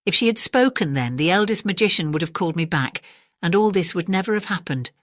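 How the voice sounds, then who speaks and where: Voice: medium pitch, animated, a little fast, a bit bright, no room sound, clean studio sound, natural voice. A reader voicing a proud, demanding male crab who bargains with a magician in a bedtime storybook. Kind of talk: storybook reading.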